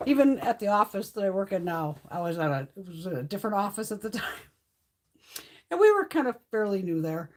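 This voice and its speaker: A woman's voice: mid-range voice, sing-song, brisk, a little mellow. A woman hosting a casual livestream chat, swearing freely and laughing through her stories. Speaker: livestream host.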